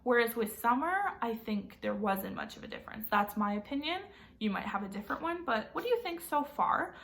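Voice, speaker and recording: A woman's voice: on the high side, animated, brisk, a bit bright. A woman teacher reading a novel aloud and asking her students friendly questions.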